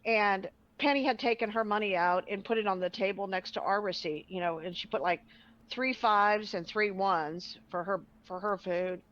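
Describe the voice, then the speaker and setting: A woman telling a personal story in casual chat, animated and acting out the voices of people she quotes. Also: medium pitch, normal speed. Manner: animated, acts out quoted voices, laughs often. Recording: muffled, lo-fi audio.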